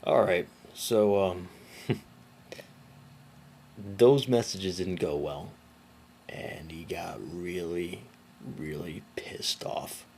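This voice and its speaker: A man's voice: sits low, fairly even intonation, drawn-out words, pauses often, darkish tone, slight background noise. A man hosting a casual commentary video, talking in a sarcastic, incredulous way.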